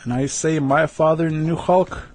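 A man hosting a radio segment, slowly teaching words of the day and repeating each one with care. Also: fairly high pitch, fairly even intonation, a little mellow. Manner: slow, repeats words carefully, chuckles at himself. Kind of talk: casual language lesson on radio.

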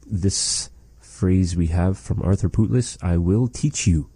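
Male language teacher and host, very dark mellow tone, slow and patient delivery, dry close sound. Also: low-pitched, husky, no echo. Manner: patient, repeats phrases slowly. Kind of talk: slow, careful language lesson.

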